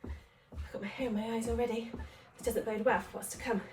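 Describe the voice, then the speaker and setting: A woman's voice: fairly high pitch, steady tone, fairly quick, darkish tone, a little hiss or hum. Breathless woman coaching a home workout. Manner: chatty, encouraging, counting reps aloud; breathless from exercising while talking. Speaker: fitness instructor. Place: home room. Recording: echoey room, voice from a distance.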